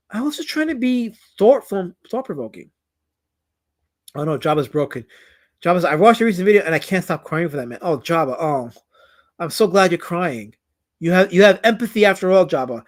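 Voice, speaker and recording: Reading out viewers' chat comments, this man is a comic creator on a livestream whose voice sits high. His delivery wanders, with lots of stuttered repetitions.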